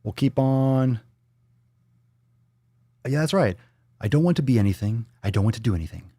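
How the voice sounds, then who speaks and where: A man hosting a fitness live stream, talking bluntly and profanely in quick ranting bursts and reading viewer comments aloud. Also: on the low side, lively intonation, warm tone, husky, dry recording. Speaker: fitness livestream host. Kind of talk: casual live-stream talk.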